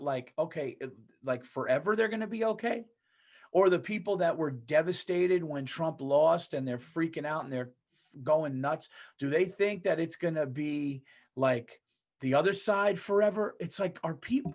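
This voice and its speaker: A man holding forth on his own comedy podcast, speaking in a slightly higher register than most men. He rants casually and emphatically, leaning hard on profanity to drive each point home. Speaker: podcast host.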